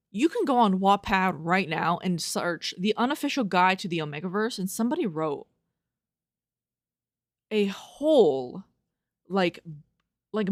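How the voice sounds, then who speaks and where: A woman's voice: medium pitch, no echo. A young woman hosts a casual solo podcast, reading quotes aloud and breaking off into profane, disbelieving commentary. Her voice sits in an ordinary middle register. The sound is close and dry, with no room around it. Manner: incredulous, profane, laughing at what she reads; reads review quotes aloud and riffs on them. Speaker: podcast host.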